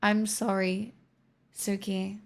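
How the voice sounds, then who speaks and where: Sarcastic woman streamer, unhurried. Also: medium pitch, little pitch movement, vocal fry. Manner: sarcastic, mock corporate girlboss patter. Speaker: livestreamer. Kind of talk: casual livestream chat.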